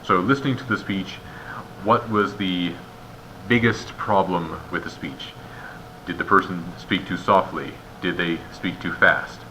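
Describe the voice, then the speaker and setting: A man's voice: sits low, sharp tone, a little hiss or hum, poor audio. A man giving a methodical step-by-step walkthrough as an instructor, explaining each point and posing rhetorical questions. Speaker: instructor guiding raters.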